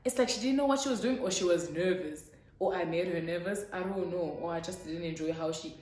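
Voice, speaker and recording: A woman's voice: lowish voice, a little fast, a little mellow. A young woman vlogger telling a story frankly and dramatically. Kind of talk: storytime vlog. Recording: echoey room.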